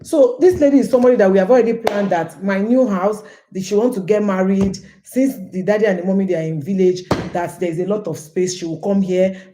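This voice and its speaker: A woman's voice: medium pitch, mellow, a little hiss or hum. A woman from Nigeria hosting a casual livestream, chatty and storytelling, often calling her viewers "guys" and repeating phrases. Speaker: livestream host.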